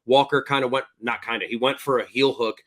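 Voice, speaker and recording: A man's voice: medium pitch, steady tone, a little fast, a bit bright. Blunt, profane man recapping fights. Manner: blunt, profane, recounting at length. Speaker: podcast host. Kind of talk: casual fight recap chat.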